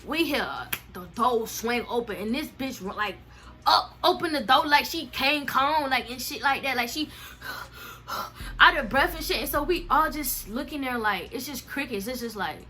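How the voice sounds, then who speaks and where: A young woman telling a casual storytime, animated and slangy, acting out the other people's lines with big swings in pitch and loudness. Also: normal speed. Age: young adult. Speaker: storyteller vlogger.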